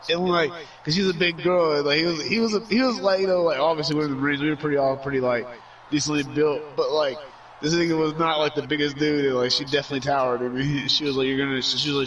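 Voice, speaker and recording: A man's voice: on the high side, fairly even intonation, quick pace, fairly bright tone, slight background noise. A man streaming, telling a long story in a rambling way, full of filler words and cursing. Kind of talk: casual storytelling. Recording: voice somewhat far from mic.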